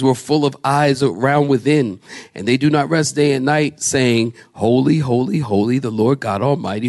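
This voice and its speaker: A man preaching a sermon as pastor, quizzing his congregation and swinging from slow, low scripture readings to raised emphatic lines. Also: a little mellow. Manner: preaching with call-and-response questions to the congregation; slows and drops low for scripture names, rises high for emphasis.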